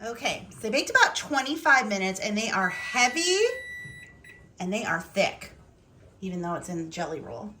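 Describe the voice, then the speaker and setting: Woman vlogger, lively up-and-down pitch, chatty and rambling, home kitchen. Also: normal speed. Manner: rambling, chatty, thinking aloud. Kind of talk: casual home vlog chat.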